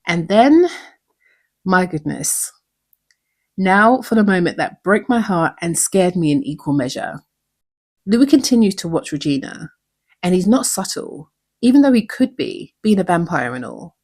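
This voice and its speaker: Woman recap host, lowish husky voice, earnest and reflective. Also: big pitch swings, unhurried, a little mellow. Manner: earnest, reflective, asks many questions. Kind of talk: recap commentary.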